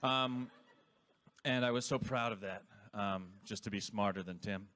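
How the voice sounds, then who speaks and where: A man's voice: fairly low pitch, unhurried, pushed and bright. A man with a mid-range voice telling a funny story on a convention panel. He rambles and loses his thread, then switches to another tale. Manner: rambling, easily sidetracked, jokey. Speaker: cast member at a reunion panel.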